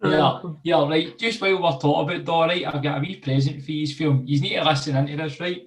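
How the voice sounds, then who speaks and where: A man's voice: on the high side, steady tone, a little fast. A Scottish man hosting a football podcast, laughing and teasing his guests in casual banter. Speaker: podcast host. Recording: echoey room, away from the mic.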